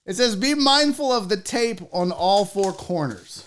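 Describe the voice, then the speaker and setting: A woman hosting a casual online show, talking straight to viewers as she unboxes a gift, excitable and swearing freely. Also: medium pitch, unhurried, hardly any pauses, a little hiss or hum. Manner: excitable and heavily profane; talks straight to the audience. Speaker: sports show host.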